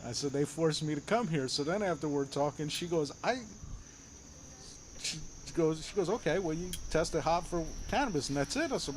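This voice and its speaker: A man's voice: on the high side, moderate pace, a little hiss or hum. A man chatting casually and telling a long story with lots of energy, acting out the other people's lines and swearing freely. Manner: animated storyteller, acts out quoted voices, swears freely. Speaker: guest telling his story. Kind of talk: casual chat.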